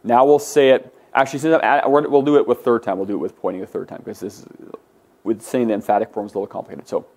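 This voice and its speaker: A man's voice: mid-range voice, steady tone, quick pace, darkish tone. A man teaching a class, patiently explaining forms and drilling his students to say words aloud. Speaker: Greek teacher. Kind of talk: classroom lecture.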